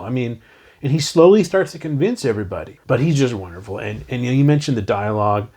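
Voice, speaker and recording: Guy in his 40s gushing about a movie on a review show, excited, keeps quoting lines. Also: mid-range voice, fast talker, slightly rough. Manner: enthusiastic, animated, quotes lines from the film. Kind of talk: casual film review chat.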